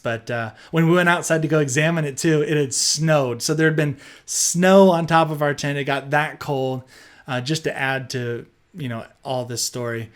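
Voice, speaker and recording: A man's voice: on the high side, normal speed. Chatty man telling a scary story. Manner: animated, chatty, lots of fillers. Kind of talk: storytime narration.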